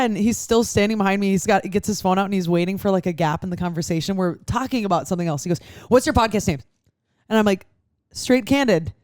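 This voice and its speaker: A woman's voice: medium pitch, dry recording, studio quality. A young woman, hosting a podcast and telling stories in casual chat, acting out other people's lines. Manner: animated storyteller, acts out other people's lines. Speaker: podcast host.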